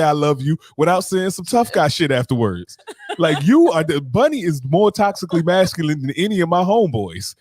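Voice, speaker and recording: A man co-hosting a casual podcast, chatting in an animated way and acting out the voices he quotes. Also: on the high side, fairly quick. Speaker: podcast co-host. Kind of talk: casual chat.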